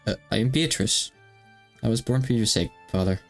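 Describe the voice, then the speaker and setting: A man's voice: lowish voice, moderate pace, creaky, soft background music. A man voicing a timid, polite, newly born young witch girl while reading a visual novel aloud. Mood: earnest.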